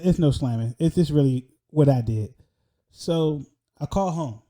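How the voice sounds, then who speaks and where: A young man telling a personal story in an animated, slangy way, often laughing. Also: fairly high pitch.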